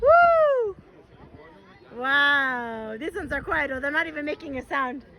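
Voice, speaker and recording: A woman's voice: high-pitched, moderate pace. A woman vlogging live at an outdoor fireworks show, exclaiming and whooping and calling out to her husband while she films on her phone. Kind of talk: excited live vlog chatter. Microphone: handheld phone camera. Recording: phone audio with loud fireworks behind. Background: fireworks bangs and crowd noise.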